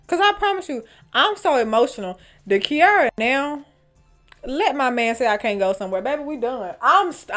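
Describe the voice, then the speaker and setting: A woman hosting a storytime vlog. She reads online posts aloud and reacts to them in an animated, dramatic, slangy way. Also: fairly high pitch, moderate pace, soft background music. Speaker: storytime vlogger.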